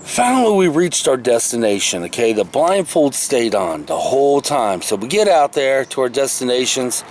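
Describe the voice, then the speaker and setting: A man's voice: mid-range voice, sing-song, moderate pace, hardly any pauses, a little hiss or hum. A man telling a story from his past in a rambling, folksy, casual way, recording himself outdoors in the shade of a tree. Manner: rambling, folksy, self-correcting. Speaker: vlogger. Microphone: camera he is handling himself.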